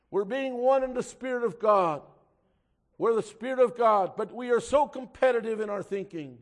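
A fervent male preacher with a high voice delivers a sermon to his congregation. He swells loud and slow on the points he stresses, then drops low and quiet to read scripture in old-fashioned wording.

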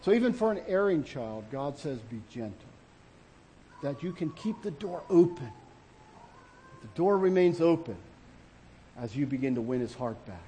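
A man preaching a sermon with a voice a little higher than most men's. He is earnest and halting, restarting his sentences and filling gaps with "you know" as he reaches for his words. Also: very animated, dark tone, slight background noise. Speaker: pastor.

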